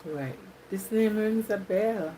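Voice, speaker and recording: A woman's voice: medium pitch, takes it slowly, dark tone, a little hiss or hum, poor audio. A Jamaican woman chatting with viewers on a live stream, reading comments aloud and laughing often. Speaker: YouTuber.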